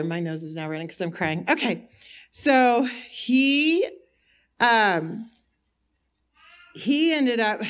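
Chatty woman giving faith testimony. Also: mid-range voice. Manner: chatty storytelling, acts out her own asides. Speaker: speaker sharing testimony at a church gathering.

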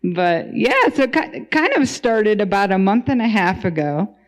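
A woman shares a personal testimony as a podcast guest, working out her thoughts out loud as she speaks. Her voice sits in a middle pitch, and her sentences stop and restart as she searches for words. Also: very animated. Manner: thinking aloud, halting with restarts. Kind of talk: casual spoken testimony.

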